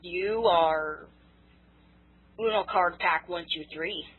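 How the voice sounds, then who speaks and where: An American teenage girl chatting casually as a guest, teasing and deadpan. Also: lowish voice, takes it slowly, a little hiss or hum. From United States. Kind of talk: casual chat over voice call. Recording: tinny lo-fi voice-call audio.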